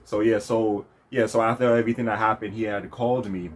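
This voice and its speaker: A man's voice: on the low side, steady tone, brisk. A man hosting his own vlog, telling a story in a rambling casual way with lots of fillers and restarts. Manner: rambling, many fillers and restarts, laughs often. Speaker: vlog host.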